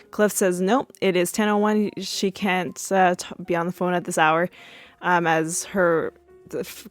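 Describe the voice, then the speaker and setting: A woman hosting a podcast, recapping a TV episode in a chatty way with many fillers, and acting out the characters' yelled quotes. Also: lowish voice, no room sound. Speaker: podcast host.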